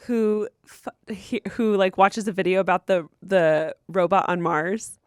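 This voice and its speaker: A woman's voice: medium pitch, steady tone, unhurried, clean tone, no echo, studio quality. A young woman co-hosting a podcast, bantering in casual chat with frequent giggles. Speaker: podcast co-host.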